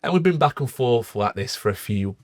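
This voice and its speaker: A man's voice: mid-range voice, animated, fairly quick, no echo, studio quality. A young man co-hosting a podcast, telling a parenting story in an earnest, reflective way with lots of fillers. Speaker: podcast co-host. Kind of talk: casual chat.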